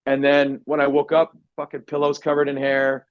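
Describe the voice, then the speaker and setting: A man telling a personal story on a podcast, animated and swearing often, acting out what people said. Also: medium pitch, moderate pace, clear, resonant tone, no echo. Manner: animated, swears a lot, acts out quotes loudly. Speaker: podcast guest. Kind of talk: casual storytelling. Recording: dry, dull lo-fi podcast audio.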